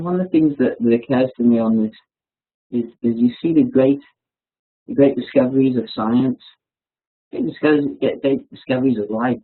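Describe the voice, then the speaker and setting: Casting note: man on a webinar, halting, self-deprecating, husky, tinny call audio. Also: medium pitch. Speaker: webinar speaker. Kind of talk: casual reflective talk. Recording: tinny phone-like webinar line.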